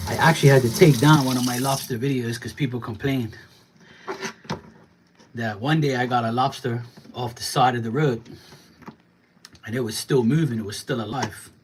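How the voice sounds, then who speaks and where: A man's voice: medium pitch, normal speed, pauses often, background noise. A man livestreaming from his home kitchen, chatting casually and ranting bluntly while he cleans up and preps lobsters. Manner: blunt, ranting, swears freely.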